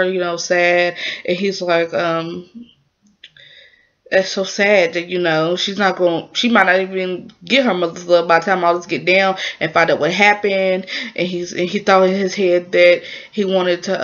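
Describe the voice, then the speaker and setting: A woman casually recapping a drama episode in a rambling, chatty way, full of fillers and lively exclamations. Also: fairly low pitch, moderate pace, muffled recording.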